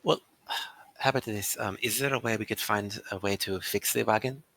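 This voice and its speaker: A man plays a tabletop role-playing game in character, calm and measured. His voice is low and gravelly, with a lot of fry. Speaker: player.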